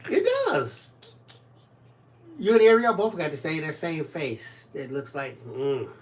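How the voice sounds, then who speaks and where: A man's voice: fairly high pitch, moderate pace. A man co-hosting a home crafting livestream, reading viewer comments aloud and teasing in easygoing chat. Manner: joking, teasing, animated storyteller.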